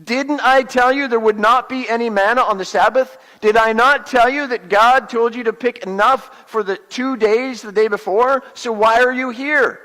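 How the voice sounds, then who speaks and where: A male pastor voicing an angry prophet leader, scolding with rhetorical questions, louder and higher than his narration. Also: moderate pace, hardly any pauses. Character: stern angry prophet leader, older man. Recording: long hall reverb.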